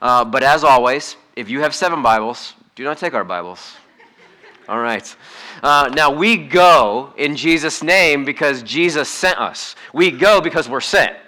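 A man preaching a casual, conversational sermon as pastor, animated, with frequent fillers and restarts. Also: medium pitch, unhurried.

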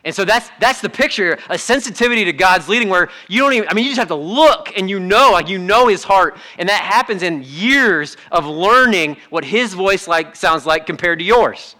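A bright, forceful man's voice preaching a sermon in a church. He is middle-aged and pitched a little high, and he talks to the room in a conversational, animated way, slipping into quick acted-out asides. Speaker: pastor. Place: church sanctuary.

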